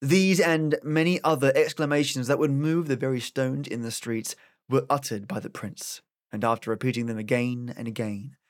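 A man with an Australian accent reading an old fairy tale aloud as narrator, in an expressive, dramatic way. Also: medium pitch. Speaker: audiobook narrator, podcast host. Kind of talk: storybook narration.

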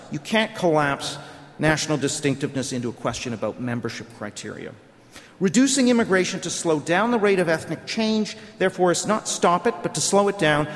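A middle-aged man delivers a prepared speech at a conference, arguing point by point and posing rhetorical questions. His voice sits a little high for a man. The sound carries a long reverb from the hall around him. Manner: argumentative, lecturing with rhetorical questions. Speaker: conference speaker.

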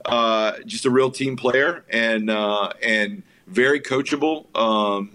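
Man, film director guest, casual storytelling, lots of "uh", acts out quotes, mid-pitched voice. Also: slow pace. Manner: animated anecdotes with quoted voices, frequent fillers. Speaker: filmmaker guest.

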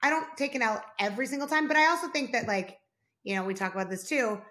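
A woman co-hosting a casual podcast. She is expressive and playfully dramatic and uses slang. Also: on the high side, quick pace. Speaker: podcast co-host. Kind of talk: casual chat.

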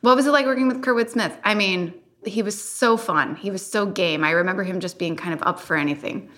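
A woman's voice: mid-range voice, fairly quick, a bit bright. A woman co-hosting a casual rewatch podcast, chatty and giggly as she reads out fan questions. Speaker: podcast co-host.

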